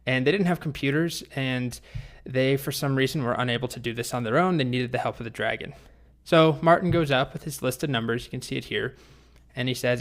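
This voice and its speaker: A male programming instructor with a mid-pitched voice. He talks in a relaxed, chatty way and restarts his phrases now and then. His delivery suits a storytelling lesson. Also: brisk.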